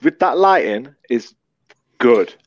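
A laid-back man joins a podcast on a phone video call, his voice at an average pitch for a man. The sound is dull and muffled, with no room at all around it. He chats loosely, mocks himself and swears now and then. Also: very animated, slow, no echo. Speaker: podcast co-host. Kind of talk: casual chat. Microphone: phone camera on a video call.

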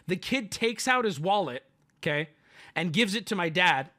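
A man's voice: sits high, moderate pace. A man telling a family story on his stream in a casual, profane, joking way. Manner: animated, profane, jokey.

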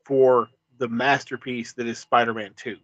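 A man's voice: medium pitch, little pitch movement, moderate pace, fairly bright tone, no room sound, lo-fi sound. A man on a podcast chatting with enthusiasm, repeating words as he talks. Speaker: podcast co-host. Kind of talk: casual chat.

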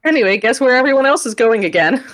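A woman co-hosting a podcast, retelling scenes in an animated, jokey casual chat. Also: on the high side, fast talker. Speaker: podcast co-host. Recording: lo-fi backup bot recording.

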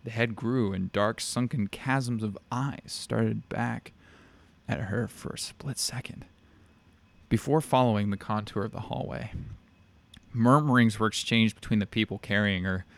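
Man reading a dark fantasy story. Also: lowish voice, a little slow, gravelly. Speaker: narrator.

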